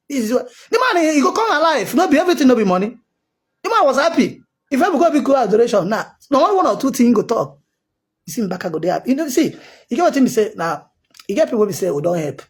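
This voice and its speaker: A man's voice: extremely high pitch, sing-song, quick pace, breathy edge. A man with a Nigerian accent, a self-styled prophet, giving a heated, insistent commentary monologue that circles back on its points.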